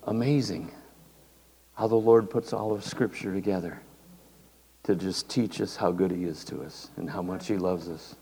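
A man's voice: low voice, moderate pace, warm tone, breathy edge. An older man preaching a sermon in a folksy, conversational way. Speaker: pastor. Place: church hall. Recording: reverberant hall, faint noise.

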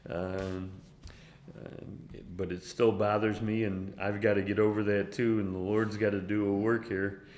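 A man teaching a Bible passage casually, halting often and chuckling between points. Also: lowish voice, little pitch movement, a little mellow, roomy sound. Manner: halting, with many fillers and chuckles.

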